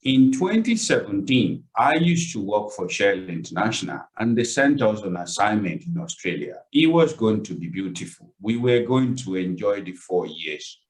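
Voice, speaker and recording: A man's voice: on the low side, very animated, normal speed, hardly any pauses, rough recording. Earnest man telling a painful story. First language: not English. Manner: earnest, storytelling with emotional swings. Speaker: webinar presenter. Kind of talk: personal story in a webinar pitch. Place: online webinar call.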